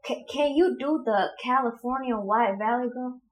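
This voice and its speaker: A woman's voice: a little high, a little hiss or hum. A young woman co-hosting a podcast in casual, slangy chat, teasing her co-host and laughing easily. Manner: slangy, animated, quick to laugh.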